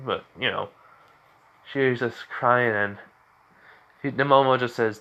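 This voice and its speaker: A man casually retelling a fan-made story, with a middle-pitched voice. He rambles and fills every pause with fillers. His delivery is loose and unscripted. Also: steady tone, bright, forceful tone.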